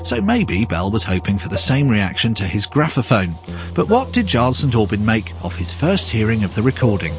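A man's voice: fairly low pitch, big pitch swings, moderate pace, music in the background. A man presenting a radio documentary in a wry, inquisitive way.

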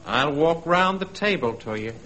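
A man playing a dim, hapless young husband in a comedy sketch, with a slow, deadpan delivery. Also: on the high side, low-quality recording. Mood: dopey.

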